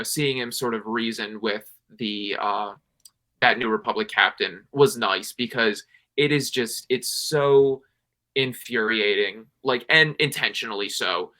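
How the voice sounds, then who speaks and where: A man's voice: lowish voice, pushed and bright. A man co-hosting a casual podcast, talking animatedly with lots of "like" and "you know". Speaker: podcast co-host.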